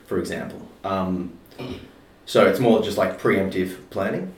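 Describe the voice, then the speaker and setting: A man's voice: low voice, measured pace. A man talking casually about anxiety, loose and informal, with lots of fillers and some swearing. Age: adult parent of a toddler. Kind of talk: casual chat. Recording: roomy, distant mic with faint noise.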